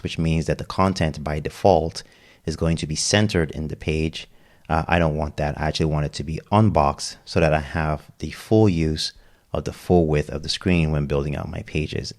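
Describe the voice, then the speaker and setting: A man walking through a website builder step by step in a casual screen-recorded tutorial, checking in with "okay?" as he goes. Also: very deep voice. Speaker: web design tutor.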